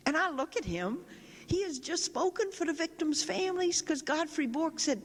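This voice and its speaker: A Catholic sister giving a public talk, telling a story vividly and often quoting people directly. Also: female voice, high-pitched, animated, moderate pace. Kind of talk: storytelling lecture. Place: large chapel. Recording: long reverb of a large chapel.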